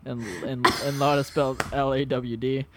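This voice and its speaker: A man's voice: medium pitch, level tone, moderate pace, very noisy. A man co-hosting a podcast, chatting casually with a profane, joking, rambling manner. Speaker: podcast co-host. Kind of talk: casual chat.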